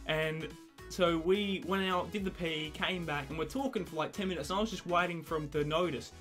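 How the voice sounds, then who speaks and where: A man's voice: fairly high pitch, fairly quick, fairly bright tone, soft background music. A young man telling rambling, sweary, self-mocking stories to camera in a casual vlog. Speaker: vlogger. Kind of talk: casual confessional storytelling.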